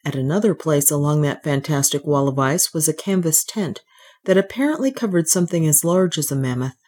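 A woman narrating a story aloud in a steady, even reading voice. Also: low voice, brisk. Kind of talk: scripted audiobook narration.

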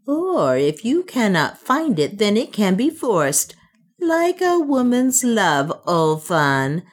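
A woman's voice: mid-range voice, very animated, slow, pitched above the performer's own voice. A woman voicing a mocking, bitter servant woman. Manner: taunting, scornful.

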